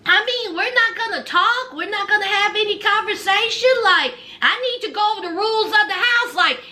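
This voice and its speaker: A woman's voice: very high-pitched, normal speed, pushed and bright, pitched above the performer's own voice, heavily acted. A woman quoting a fussy woman who lays down strict house rules, indignant and bossy.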